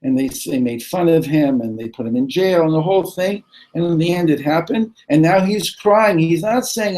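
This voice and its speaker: A man's voice: high voice, normal speed, a little mellow, rough recording. A man teaching a text class as a rabbi, reading lines aloud and translating them phrase by phrase, often restarting and repeating words. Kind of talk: text study lesson. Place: study hall.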